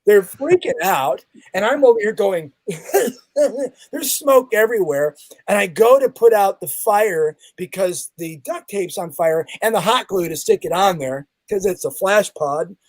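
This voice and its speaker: A man with a fairly high voice tells a story as a podcast guest, acting out every bang and every quoted line. The sound is close and dry, with no room around it. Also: expressive, a little slow, no room sound. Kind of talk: animated storytelling in conversation.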